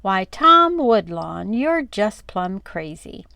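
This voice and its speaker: A woman's voice: mid-range voice, sing-song, slow, gravelly, sharp tone, clear, resonant tone, no room sound, full character voice. A woman voicing an outspoken little farm girl who talks indignantly and emphatically.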